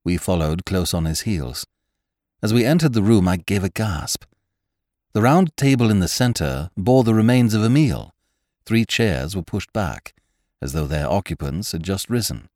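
Narrator: a man with a low voice and lively inflection, for a dry, close audiobook read. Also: normal speed, no echo. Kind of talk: scripted story narration.

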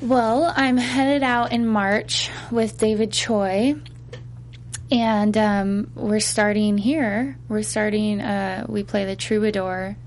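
A woman singer being interviewed in casual chat, hesitant, pausing with fillers and laughing easily. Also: mid-range voice, fairly even intonation, slight background noise. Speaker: singer guest.

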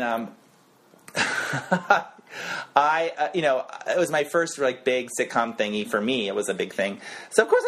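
A middle-aged man, an actor, telling animated stories as a guest in a casual podcast interview on a studio mic. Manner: animated, expressive storyteller who swings his pitch.

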